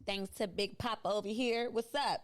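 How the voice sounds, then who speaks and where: A woman hosts a podcast in loose, casual chat. Her pitch sits in a middle range. She talks bluntly, swears freely and breaks into laughs. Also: moderate pace. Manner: blunt, profane, laughs often. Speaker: podcast host.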